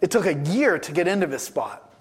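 A man's voice: fairly high pitch, big pitch swings, a little fast, slightly rough. Emphatic man preaching a sermon. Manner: emphatic, repeats key phrases. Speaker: pastor.

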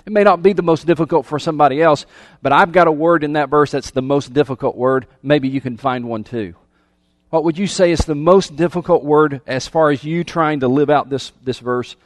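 A man's voice: a little high, a little fast, no room sound. Man preaching a conversational sermon. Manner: conversational, asks the audience questions; repeats and restarts words. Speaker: pastor.

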